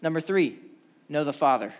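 Young man, pastor, sermon, earnest, animated storytelling, slightly high voice. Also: moderate pace. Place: church hall.

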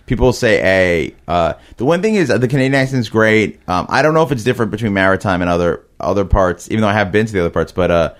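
A man with a Brooklyn-Queens New York accent, chatting casually as a comedian guest, halting and hesitant with many fillers. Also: lowish voice, animated. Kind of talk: casual chat.

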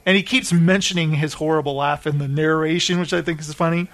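A man's voice: fairly high pitch, fairly even intonation, fairly quick, a bit bright. A man chatting casually on a podcast, laughing as he retells scenes from TV shows. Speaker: podcast host. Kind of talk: casual chat about TV shows.

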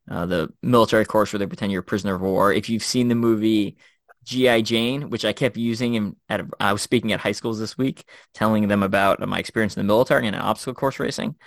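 With a voice on the low side and no echo, a middle-aged man tells military stories during a laid-back podcast conversation. A former Special Forces officer serving as guest co-host, he's animated and prone to fillers and restarts.

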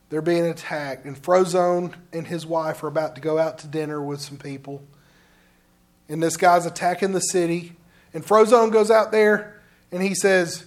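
Man, pastor, sermon, conversational and direct, high-pitched voice. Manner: conversational, direct preaching to the congregation.

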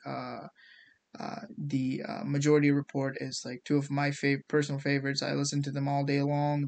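A man speaks in a loose, casual monologue, stumbling through fillers and restarts as he works his way to a point. His voice sits a little high for a man and has a gravelly edge. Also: a bit bright. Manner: rambling, many fillers and restarts.

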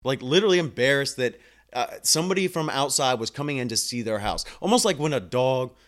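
A man's voice: mid-range voice, expressive, a little fast. A man telling a story about his patients in a blunt, emphatic, casual monologue. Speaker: home health clinician.

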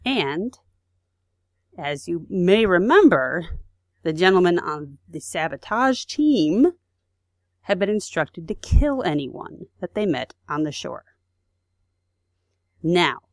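Casual female podcast storyteller, lowish voice, dry close sound. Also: sing-song, takes it slowly, long pauses, dry recording. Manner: chatty, with fillers and asides. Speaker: podcast co-host.

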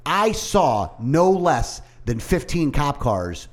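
A man's voice: on the high side, slow. A man telling a story in casual chat, heated and profane, acting out the other people's lines as he goes. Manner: animated, profane, heated retelling with mimicked dialogue.

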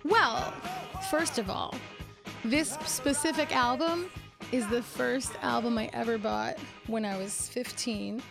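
A woman comedian chatting casually, telling animated, profane stories and laughing often. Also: a little high, takes it slowly, gravelly, music in the background. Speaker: comedian guest. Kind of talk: casual chat.

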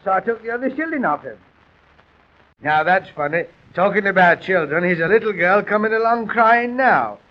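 Man doing a tired grumbling constable, fairly high voice, rambling music-hall patter, dull old record sound. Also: moderate pace. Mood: chatty. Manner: chatty, rambling, self-pitying with deadpan gags. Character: weary, grumbling male police constable on the beat.

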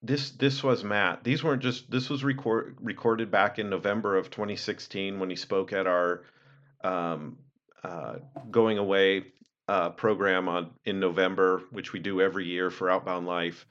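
A man's voice: sits low, steady tone, moderate pace, a bit bright. A man on a podcast talking earnestly and casually, with fillers and restarts. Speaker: podcast host. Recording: dull lo-fi recording.

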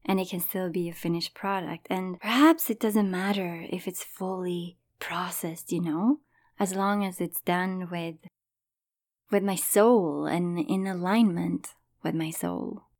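A woman with a low-pitched voice hosts her own podcast, telling a personal story in a soft, often whispered way. She speaks slowly and reflectively, and the recording is dry and close. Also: steady tone, no room sound. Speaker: podcast host.

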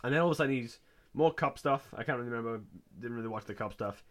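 A man co-hosting a podcast, casually retelling a TV episode and jumping into high, excited voices for the characters. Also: quick pace. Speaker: podcast co-host. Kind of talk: casual chat recapping a TV episode.

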